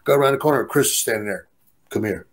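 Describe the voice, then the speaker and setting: A man's voice: mid-range voice, rapid-fire. A man casually telling a story in a rowdy, profane way. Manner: profane, animated, laughing storyteller. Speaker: guest storyteller.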